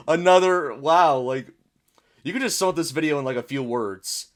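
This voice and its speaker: This young American video host has a medium-pitched, animated voice and a brisk pace as he casually works through a batch of memes. Sounding puzzled but chatty, he reads each caption aloud.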